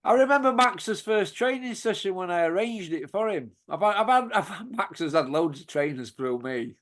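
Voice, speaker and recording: A man's voice: high voice, lively intonation, moderate pace, a bit bright. A man, hosting a casual chat and telling rambling, laughing anecdotes with plenty of swearing. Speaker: podcast host.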